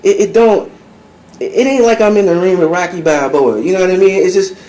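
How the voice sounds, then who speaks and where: Fast-talking high-voiced man, animated storytelling. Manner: acts out quoted dialogue, rambling with many fillers. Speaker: client preparing testimony. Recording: echoey room, faint background noise.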